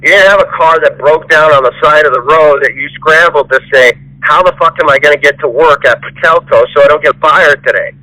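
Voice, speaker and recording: Man, angry profane lecture on a phone call, bright tense voice, dry sound. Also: fairly high pitch, brisk, hardly any pauses, dry recording. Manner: profane, ranting, mocks the listener in whiny voices. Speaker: employer. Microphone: recorded phone call.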